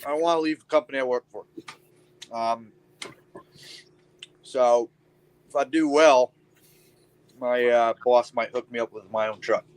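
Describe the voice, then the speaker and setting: A man's voice: mid-range voice, steady tone, unhurried, pauses often, darkish tone, clear, resonant tone, low-quality recording. Laid-back, swearing young man host. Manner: laid-back, swears casually, trails off with ums. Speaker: chat room host. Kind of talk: casual group chat.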